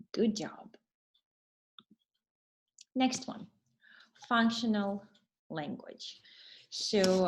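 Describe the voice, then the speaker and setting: A woman teacher trainer giving an online webinar lesson, explaining patiently and pausing to read answers from the chat. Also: mid-range voice.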